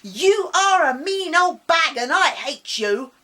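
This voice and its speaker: A woman voicing an upset young schoolboy who shouts and cries out in a high, loud voice. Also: sing-song, slow pace, exaggerated voice. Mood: furious. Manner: shouting, tearful.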